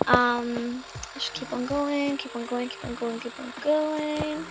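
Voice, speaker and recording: A woman's voice: high voice, a little slow, background noise. A British woman with a sore throat, narrating a game roleplay casually and rambling with many fillers. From United Kingdom. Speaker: roleplay gamer. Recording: loud background music.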